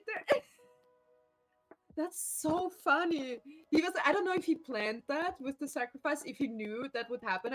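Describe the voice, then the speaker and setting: A woman's voice: high-pitched, low-quality recording. A woman streamer chatting casually at home, telling stories with lots of laughter and swearing. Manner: laughs often, animated storytelling, swears freely.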